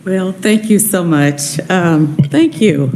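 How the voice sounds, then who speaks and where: A woman's voice: lowish voice, slow, noisy background. A woman speaking as an honoree at a legislative committee hearing, heartfelt and grateful, a little emotional. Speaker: honoree testifying.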